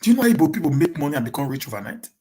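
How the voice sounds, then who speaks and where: A man with a Nigerian accent chats casually with viewers on a live Q&A stream. He drops in Pidgin English, stammers and restarts his words, and rushes ahead on purpose so he does not get stuck. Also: a little high, sing-song, a little mellow. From Edo State, Nigeria. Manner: talks fast on purpose to avoid getting stuck.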